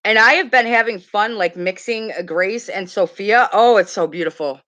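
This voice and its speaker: Middle-aged woman, makeup streamer, bright voice, casual rambling chatter. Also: mid-range voice, moderate pace. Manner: chatty, rambling, laughs often, swears casually. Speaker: makeup livestream host. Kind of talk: casual livestream chat reading comments.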